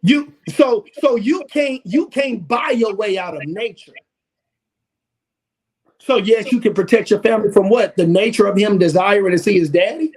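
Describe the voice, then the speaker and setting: High-voiced man preaching to a panel. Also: moderate pace, husky. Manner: preaching cadence, rising to shouts, voices children's quotes. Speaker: talk show panelist. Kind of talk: impassioned talk show discussion.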